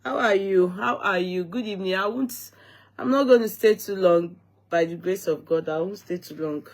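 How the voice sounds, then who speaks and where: A woman's voice: mid-range voice, normal speed. A woman, hosting a casual live stream, talking to viewers while she is tired and yawning. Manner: chatty, addresses viewers directly.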